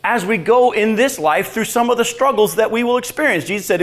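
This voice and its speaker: A man preaching a sermon, reading scripture and asking the congregation rhetorical questions in an animated way. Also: high voice, a little fast. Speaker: pastor.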